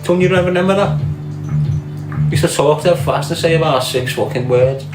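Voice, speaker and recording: A man's voice: fairly high pitch, moderate pace. Sweary Scouse man, casual livestream chat. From England. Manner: swears a lot, loose storytelling, greets viewers. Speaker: livestream host. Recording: echoey room with music behind.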